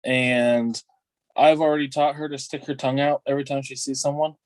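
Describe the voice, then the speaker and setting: A man's voice: medium pitch, steady tone, brisk, no echo. A man chatting casually and playfully with friends. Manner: playful, laid-back. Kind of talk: casual chat.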